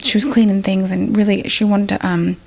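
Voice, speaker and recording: Gravelly, husky woman telling a story. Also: medium pitch, steady tone, a little fast, a little mellow. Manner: rambling, full of fillers and acted-out quotes. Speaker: podcast guest, emergency nurse. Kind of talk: casual storytelling.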